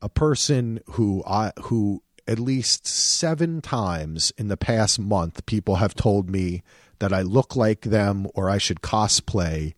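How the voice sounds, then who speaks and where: A man co-hosting a podcast in casual chat, animated and profane, with frequent restarts. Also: fairly low pitch, slow, no echo, studio quality. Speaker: podcast co-host.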